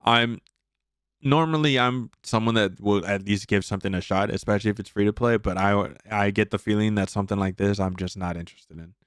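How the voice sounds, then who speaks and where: Low-voiced dude ranting casually on a gaming podcast, dry sound. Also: male voice, brisk, clear, resonant tone, no room sound. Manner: opinionated, lots of fillers. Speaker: podcast co-host.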